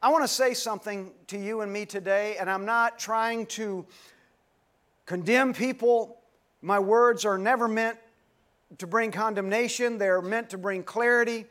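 A man's voice: high voice, fairly even intonation, a little slow, fairly bright tone. A man preaching a sermon to a live congregation, repeating his questions, leading call-and-response and calling on listeners by name. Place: dim church hall, live congregation.

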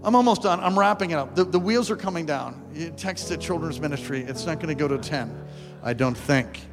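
A man preaching a sermon and telling a story, animated, acting out the voices and breaking into shouts at high points. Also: brisk. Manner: animated, acts out quotes, bursts into shouts. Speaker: pastor. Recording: live church sound with long reverb and music underneath.

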